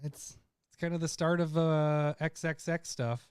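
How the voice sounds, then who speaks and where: Laughing, joking man with a smooth voice. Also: on the high side, level tone, a little slow, dry recording, studio quality. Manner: laughs often, rambling and joking. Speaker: podcast co-host. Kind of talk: casual chat.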